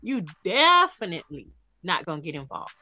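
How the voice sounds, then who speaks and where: A woman's voice: fairly low pitch, huge pitch swings, moderate pace, sharp tone. A woman co-hosting a casual true-crime podcast, chiming in with short agreements and asides. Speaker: podcast co-host.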